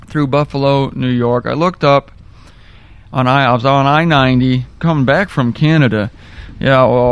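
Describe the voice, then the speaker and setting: A man delivering a storytelling sermon, animated and building to indignant emphasis. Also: mid-range voice, no room sound. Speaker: preacher.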